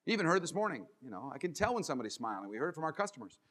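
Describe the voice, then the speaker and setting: A man giving a keynote as a motivational speaker, animated and acting out little scenes and voices. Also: a little high, racing, big-room sound. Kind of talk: keynote speech. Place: large conference hall.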